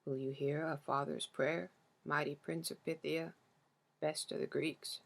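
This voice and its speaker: A woman's voice: sits low, little pitch movement, creaky, full character voice. Woman reading as old grieving king. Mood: pleading. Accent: foreign-accented speech as the figure. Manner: slow, careful pleading speech. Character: aged grieving male king, humble and dignified. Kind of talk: audiobook character reading.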